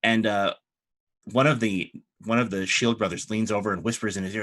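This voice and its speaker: A man runs a tabletop game and narrates the scene in a relaxed, descriptive way. His voice is bright. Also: on the low side, brisk. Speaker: game master.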